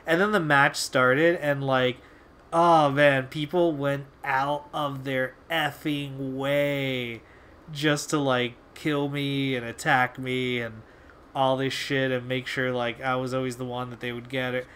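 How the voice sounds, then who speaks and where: A man's voice: mid-range voice, flat delivery, slow, a bit bright, slight background noise. A young man hosting a video, telling a casual story in a rambling, laid-back way with lots of fillers and swearing. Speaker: video host.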